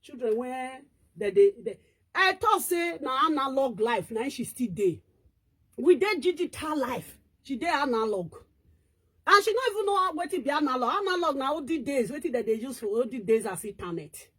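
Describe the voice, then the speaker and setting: A woman's voice: sits high, animated, moderate pace, breathy edge. A woman with a Nigerian Pidgin accent, ranting and scolding in casual online commentary, switching between languages.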